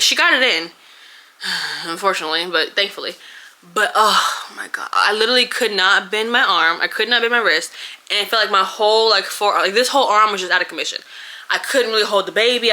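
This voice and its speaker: A young woman, telling a story to camera in a casual, animated way. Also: mid-range voice. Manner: animated, expressive storytelling with laughs and quoted voices. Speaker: vlogger.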